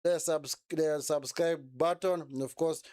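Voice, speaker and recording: A man's voice: on the high side, fairly even intonation, unhurried, a little mellow, no echo, studio quality. A young man hosting a casual live watch-along stream, talking in a chatty, repetitive way and often correcting himself.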